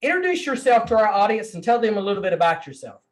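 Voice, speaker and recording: High-voiced man hosting a podcast. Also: sing-song, quick pace. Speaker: podcast host. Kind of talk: interview.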